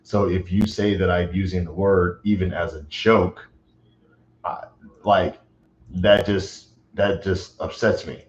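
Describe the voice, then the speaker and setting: A man's voice: low voice, fairly even intonation, slow, a little mellow, slight background noise. A man livestreaming, talking agitatedly and rambling with lots of fillers. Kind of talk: casual livestream chat. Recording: roomy, dull lo-fi sound.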